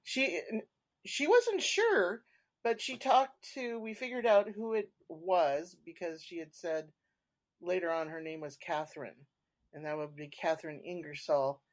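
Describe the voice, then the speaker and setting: A woman's voice: deep voice, normal speed. Chatty woman telling ghost stories. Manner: animated, chatty, laughs between points. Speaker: podcast guest, paranormal investigator. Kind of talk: casual conversational storytelling.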